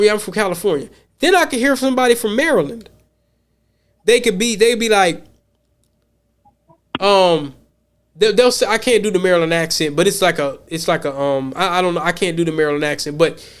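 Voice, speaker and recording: High-voiced man rambling on a podcast. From United States. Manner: rambling, repeats words while thinking; blunt and profane. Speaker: podcast host. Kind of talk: casual podcast chat.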